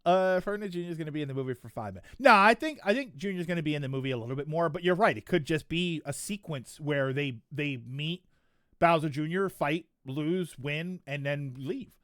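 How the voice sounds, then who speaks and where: A man's voice: on the high side, brisk, fairly bright tone, dry recording, clean studio sound. A man streaming live, chatting casually and reacting to a trailer, rambling with frequent restarts. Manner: rambling, restarts, laughs often.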